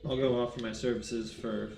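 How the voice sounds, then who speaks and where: A man's voice: medium pitch, level tone, moderate pace, vocal fry. Matter-of-fact man playing a tabletop game. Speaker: player. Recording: roomy with faint noise.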